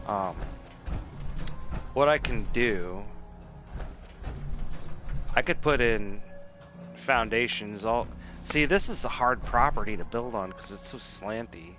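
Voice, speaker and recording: A man streams a video game, chatting casually in a rambling, profane way and often cutting himself off, a bit tipsy from drinking. His voice is fairly low, with a measured pace and frequent pauses, heard over music.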